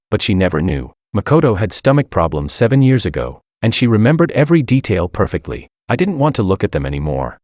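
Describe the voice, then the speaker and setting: A man's voice: low-pitched, dry recording, studio quality. A man narrating a dramatic story in the first person, in an earnest, heartbroken manner.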